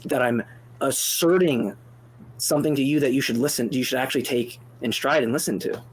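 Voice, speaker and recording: A man co-hosting a call-in debate show, animated and exasperated, speaking in fast bursts with restarts and swearing freely. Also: mid-range voice, breathy edge. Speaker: co-host answering a caller.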